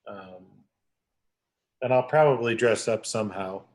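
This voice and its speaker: A man on a video call as a guest artist, speaking in a dry, deadpan teasing way. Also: on the low side, a little slow. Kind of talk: casual group chat on a video call.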